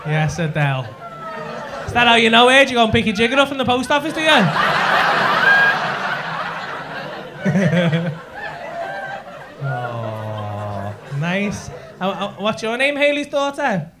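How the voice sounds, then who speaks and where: Cheeky, sweary comedian, very animated. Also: male voice, high-pitched, normal speed, over loud music, over a noisy crowd. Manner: cheeky, sweary banter with the audience. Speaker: stand-up comedian. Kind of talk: stand-up crowd work. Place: comedy club stage. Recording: noisy live club, audience laughter.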